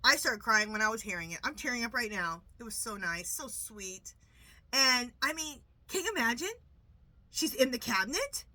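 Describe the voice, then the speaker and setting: Bright-voiced chatty woman vlogging. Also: a little high, lively intonation, no echo. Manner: chatty, rambling, quick asides; asks a pendulum questions, repeating "clear". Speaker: tarot reader and channel host. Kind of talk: casual chatty vlog.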